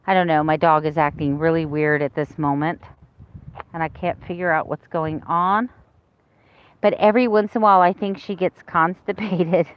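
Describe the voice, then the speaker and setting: A woman's voice: deep voice, steady tone, normal speed, clean tone, lo-fi sound. A woman in her fifties talking candidly to her viewers in a casual, rambling vlog. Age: 50s. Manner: candid and rambling, with many restarts. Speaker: vlogger. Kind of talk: casual chat to camera.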